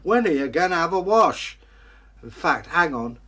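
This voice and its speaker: A man voicing a bossy, impatient male royal knight with a loud, brusque, high voice. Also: sing-song, normal speed, recorded from a distance, noisy background.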